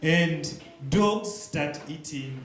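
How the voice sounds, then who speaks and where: A young man giving a church testimony, telling his story slowly and haltingly with pauses and restarts. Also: a little high, faint music behind. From Democratic Republic of the Congo. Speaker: guest speaker. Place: large echoey church hall. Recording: very echoey room, faint hiss.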